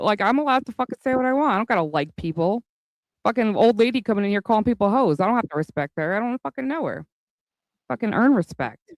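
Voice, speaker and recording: Blunt, profane man with a lively voice. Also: high voice, no room sound, studio quality. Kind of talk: heated live-stream argument.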